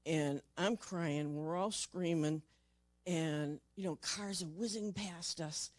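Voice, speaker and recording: Older woman, mellow voice, halting emotional storyteller, dry close sound. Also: fairly low pitch, no room sound. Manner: halting, repeats words, voice drops soft in tender moments. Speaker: paranormal investigator.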